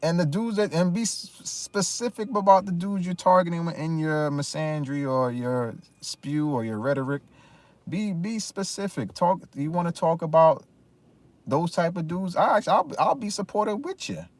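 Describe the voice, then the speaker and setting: A man's voice: fairly high pitch, animated, normal speed, no echo. Emphatic man ranting, dry sound. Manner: emphatic, repetitive, frequent restarts. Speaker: commentary vlogger. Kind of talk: casual opinion rant.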